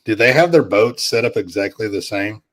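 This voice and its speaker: A man in casual chat, relaxed, giving short replies and asking questions about fishing. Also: on the low side, a little fast.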